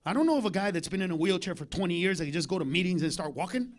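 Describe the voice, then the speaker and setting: A man doing a live stand-up comedy set on a club stage, ranting and profane, swinging between loud outbursts and mock-serious asides. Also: high voice, animated, very fast.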